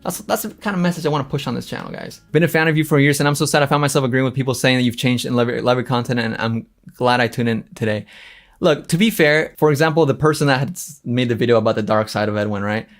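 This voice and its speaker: A man's voice: mid-range voice, quick pace, faint music behind. A man from Los Angeles hosting his own channel, animatedly reading comments aloud and answering them with sass. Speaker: channel host. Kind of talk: livestream commentary.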